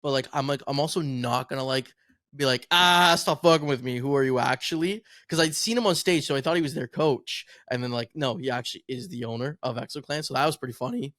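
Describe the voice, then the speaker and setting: A man's voice: medium pitch, fast talker, a bit bright, dry recording, clean studio sound. A man co-hosting a podcast, chatting casually about esports and rambling through stories. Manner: rambling storytelling. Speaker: podcast co-host and content creator.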